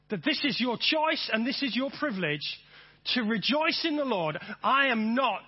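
A middle-aged man preaching a sermon with a high, husky voice. He hammers home his points by repeating lines and calling the congregation to answer back. The sound is dull and a little lo-fi. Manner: emphatic, repeats phrases and has the audience say them back.

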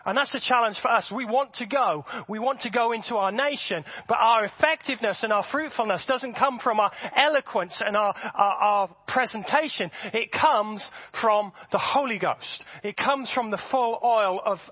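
A man preaching a sermon to his congregation, animated and often repeating words as he builds his points. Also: high voice, moderate pace, few pauses, slightly rough, dry recording. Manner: animated, repeats words, acts out voices for effect. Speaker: pastor. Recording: dull, dry sound.

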